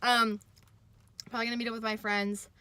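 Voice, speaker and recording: A young woman chatting casually to the camera in her car, self-mocking and chatty, her voice jumping higher when she gets excited. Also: fairly quick, clear, resonant tone, dry recording. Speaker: vlogger. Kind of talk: casual vlog chat.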